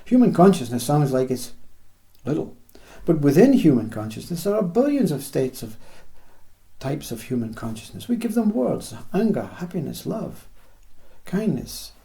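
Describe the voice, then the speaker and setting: A man giving a reflective spiritual talk in slow, list-like phrases, often acting out small imagined dialogues. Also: a little high, very animated, creaky, warm tone. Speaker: spiritual teacher.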